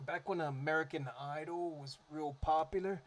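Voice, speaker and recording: A man's voice: fairly high pitch, fairly even intonation, moderate pace. A man chatting casually into a microphone about his favourite cover songs, rambling with lots of fillers and restarts. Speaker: music vlogger. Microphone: desktop microphone.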